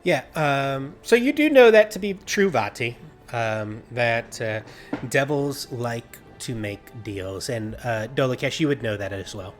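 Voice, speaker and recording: A man narrating as game master of a tabletop game online, animated and often laughing, with many fillers. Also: medium pitch, unhurried, soft background music.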